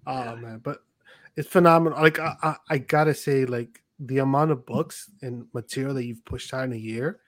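A man's voice: mid-range voice, normal speed, no room sound. Chatty man on a podcast, dry mic. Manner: animated storyteller, quotes himself and others. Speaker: podcast host. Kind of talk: casual chat.

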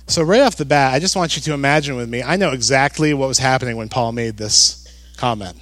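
A man preaching a sermon as a pastor, talking conversationally with jokes and animated emphasis. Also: mid-range voice, fast, dry recording.

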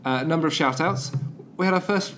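A man's voice: a little high, brisk, a little hiss or hum. A man, co-hosting a casual podcast chat with dry, wry remarks. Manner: dry, wry, lively intonation. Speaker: podcast co-host.

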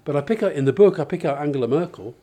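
A man with a fairly high, warm, husky voice talks rapid-fire with lively intonation. He's the author in a conversational interview about his book, laying out his thinking with examples and many restarts.

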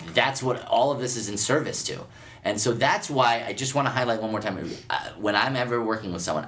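A man with a very low voice explains things in a calm, measured way. He talks like a therapist sharing advice in a relaxed conversation. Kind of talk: casual advice chat.

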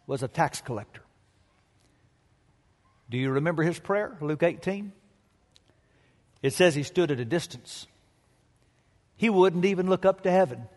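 In a large hall, a male pastor tells stories to his congregation in a high voice with big pitch swings. His sermon is emphatic, punctuated by dramatic pauses.

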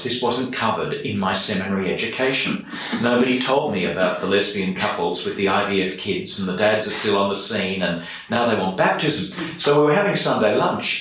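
A man's voice: fairly low pitch, a bit bright. An Australian man, a priest, earnestly telling stories and reflecting during an interview. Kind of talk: storytelling in an interview. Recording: echoey room, mic far off.

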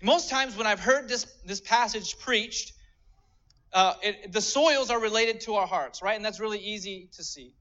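A man's voice: sits high, normal speed, bright, forceful tone, lo-fi sound. A man preaching a sermon, earnestly explaining scripture step by step. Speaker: pastor.

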